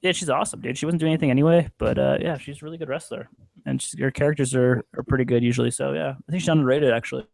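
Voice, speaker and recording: A man co-hosting a casual wrestling podcast, in quick, laid-back banter. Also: mid-range voice, steady tone, vocal fry, a little mellow, dry recording. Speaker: podcast co-host. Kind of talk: casual chat.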